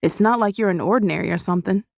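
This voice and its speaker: A woman voicing a gruff, weary male prisoner in an audiobook, speaking tersely and bluntly. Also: medium pitch, racing, no echo, studio quality, natural voice.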